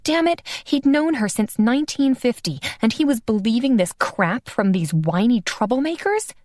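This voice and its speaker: A woman narrating an audiobook in an even, unhurried storytelling manner. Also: on the high side, no room sound, studio quality. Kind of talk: scripted narration.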